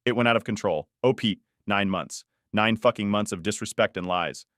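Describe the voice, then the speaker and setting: Male storyteller, lowish voice, even first-person delivery, dead-dry booth sound. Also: moderate pace, hardly any pauses, no echo.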